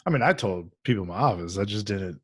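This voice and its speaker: A young man hosting a casual chat about theatre, laid-back and rambling, and quick to laugh. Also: lowish voice, expressive. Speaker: podcast host, actor.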